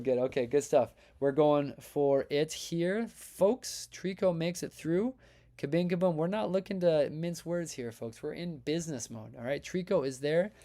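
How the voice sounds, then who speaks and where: Hyped streamer dude chatting w his viewers, kinda high voice but mellow. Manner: energetic, chatty, reads chat aloud and hypes votes. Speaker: livestream host. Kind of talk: casual live-stream chat.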